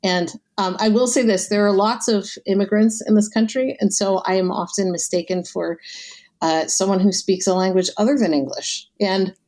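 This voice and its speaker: A chatty woman in her thirties speaks with a light American accent. She talks casually as a podcast guest, with a lively, quick manner and laughs often. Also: mid-range voice. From United States. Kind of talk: casual conversation.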